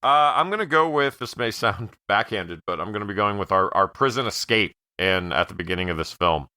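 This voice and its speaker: A man with a very deep but bright and crisp voice gives his take on a film in a relaxed podcast chat. His speech is full of fillers, and it sounds dry and close to the mic. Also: no room sound. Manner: filler-heavy, measured. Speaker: podcast co-host. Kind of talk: casual movie review chat.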